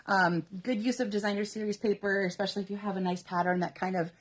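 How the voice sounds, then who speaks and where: A woman's voice: mid-range voice, fairly even intonation, fast talker. A woman hosting a live card-making demonstration, chatty and instructional, laughing often as she talks viewers through each step. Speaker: papercraft host.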